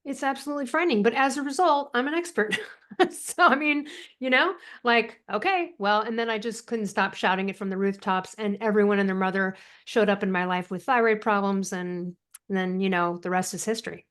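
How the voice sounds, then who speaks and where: A woman's voice: medium pitch, a little fast. A woman from the United States, a guest author on a podcast interview, telling stories emphatically and acting out quotes. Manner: emphatic, animated storyteller who acts out quotes. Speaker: guest author and thyroid coach.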